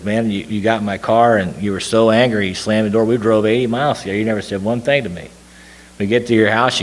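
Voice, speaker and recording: Guy talking quick, kinda low voice, rambling story w lots of uh and you know, big hall echo. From Tennessee. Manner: rambling storyteller with many fillers and restarts. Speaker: recovery meeting speaker. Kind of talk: storytelling talk to a recovery group. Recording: long hall reverb.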